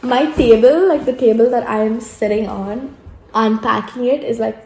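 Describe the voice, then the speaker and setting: A woman's voice: a little high, moderate pace, background noise. A young woman from India, chatting casually through an unboxing with lots of "like" fillers, sitting at a table at home. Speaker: vlogger. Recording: echoey room.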